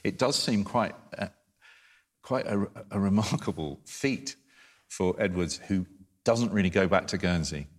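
Man, very low voice, book chat, halting, lots of restarts. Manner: halting, many restarts and repeated words. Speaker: book discussion panelist. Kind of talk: casual literary discussion.

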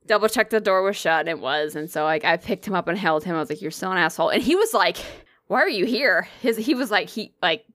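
A woman chatting casually, telling a story with lots of swearing and animated energy. Her voice is bright and forceful, recorded dry and close with no room sound. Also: fairly low pitch, quick pace, few pauses, dry recording. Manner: animated, profane, swears freely.

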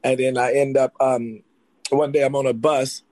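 A man from North Carolina, an actor, telling his life story in an interview with rapid, excitable talk full of restarts. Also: mid-range voice, dry recording. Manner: rapid, excitable, jumps back and forth with restarts.

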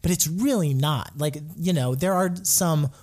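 A man in casual chat on a podcast, reviewing a film with excited, gushing enthusiasm. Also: on the high side, measured pace. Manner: gushing, excitable, lots of "like" fillers. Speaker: podcast co-host reviewing films.

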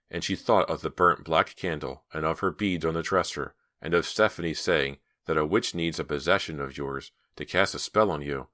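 A man's voice: extremely low pitch, fairly bright tone, dry recording, studio quality. A man narrating a young adult horror novel as an audiobook, reading every part himself. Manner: reads all parts, raising his voice for the girls' lines. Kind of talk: scripted narration with character voices.

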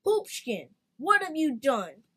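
A woman's voice: high voice, sing-song, slow pace, fairly bright tone, pitched above the performer's own voice, exaggerated voice. A woman voicing a stern grown-up woman scolding a little boy in a storybook.

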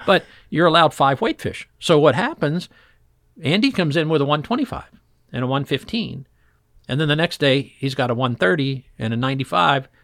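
A man who works as a fishing guide, telling old stories in a relaxed interview and acting out the voices of people in them. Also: on the high side, moderate pace, vocal fry, no room sound, studio quality. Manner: animated storyteller acting out voices in quotes. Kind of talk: storytelling interview chat.

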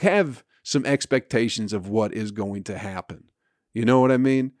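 Male podcast host, mid-pitch, swearing rant delivery, dead-dry close recording. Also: dry recording. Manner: swearing, animated storytelling with laughs. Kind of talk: profane comedic rant.

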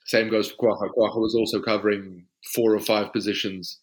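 South African man, Afrikaans speaker, fairly low voice, easygoing podcast guest, relaxed chat. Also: a little fast. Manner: relaxed, easygoing answers with frequent "you know". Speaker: rugby player guest. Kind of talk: casual podcast interview.

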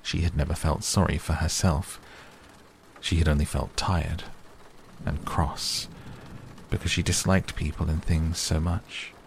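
A man reads a storybook softly for sleep, calm and even, with a very low, gravelly voice. He reads at an unhurried, slow pace, with gentle rain faintly behind him. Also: a little hiss or hum. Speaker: audiobook narrator. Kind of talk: soft bedtime audiobook reading. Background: rain sounds.

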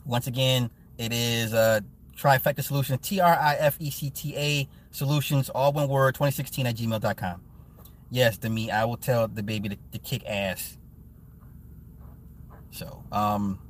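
A man in his forties hosting a casual live stream, chatting with viewers in a blunt, profane and animated way, often laughing. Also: medium pitch. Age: 40s. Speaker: live-stream host and movie reviewer.

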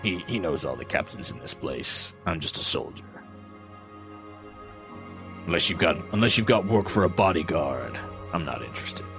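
A man's voice: very animated, over music, full character voice. Man growling as a scarred, arrogant orc bodyguard. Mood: menacing. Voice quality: deep gravelly growl. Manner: slow, menacing, terse.

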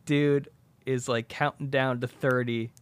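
A man in his thirties casually pitching a movie plot, acting out the characters' lines as he goes. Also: smooth. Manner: animated storytelling, quick quoted voices. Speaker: podcast co-host pitching a movie idea. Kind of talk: casual chat, acting out scenes.

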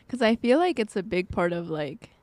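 A woman's voice: medium pitch, big pitch swings, measured pace, darkish tone, dry recording. A young woman in a casual chat with her brothers, bubbly and enthusiastic. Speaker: co-host.

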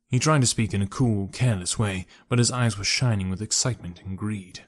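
A man narrating a first-person story for an audiobook in a measured, even way. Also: fairly low pitch.

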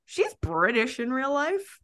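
A woman's voice: sits high, very animated, a little slow, fairly bright tone. A woman in her thirties co-hosting a podcast, rambling in casual chat with lots of "like" and asides. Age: 30s. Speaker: podcast co-host.

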